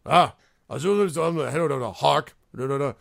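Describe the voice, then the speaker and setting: A man voicing a proud male goblin ambassador who babbles gibberish and shouts pompous exclamations. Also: a little high, moderate pace, creaky, no echo, studio quality, voice pushed up, exaggerated voice.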